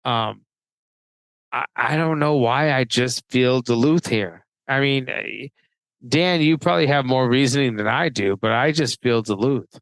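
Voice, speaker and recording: A man co-hosting a casual hockey betting chat, talking haltingly and restarting his sentences often. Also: medium pitch, fairly bright tone, dry recording, low-quality recording. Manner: halting, hesitant, many restarts. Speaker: podcast co-host, hockey writer. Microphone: remote call mic.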